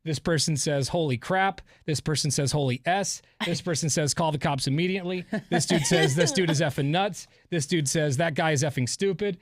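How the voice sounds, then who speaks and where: A man's voice: a little high, dry recording, clean studio sound. A man hosting a morning radio show, joking and laughing with co-hosts and callers. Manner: fast, joking, laughs often.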